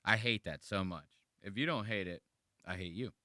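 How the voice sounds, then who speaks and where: A man's voice: on the low side, normal speed, bright, forceful tone, dry recording, clean studio sound. A man hosting a casual podcast, ranting in an exasperated, profane, mocking way while reacting to clips.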